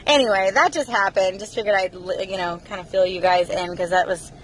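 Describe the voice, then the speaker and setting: A woman's voice: medium pitch, fairly even intonation, brisk. Emotional woman vlogging from her car. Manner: emotional, rambling, sighing. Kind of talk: casual personal chat to viewers. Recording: clear vehicle noise behind the voice.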